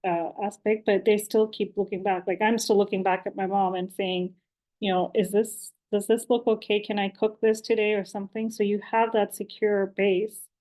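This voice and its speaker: A woman's voice: mid-range voice, darkish tone. A woman on a panel discussion, talking conversationally with lots of fillers. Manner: conversational, uses many fillers.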